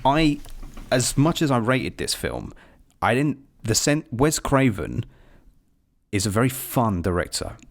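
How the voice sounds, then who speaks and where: A man's voice: mid-range voice, big pitch swings, unhurried, vocal fry. A British man co-hosting a film podcast, chatting casually and animatedly, laughing often. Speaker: podcast co-host. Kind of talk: casual film review chat.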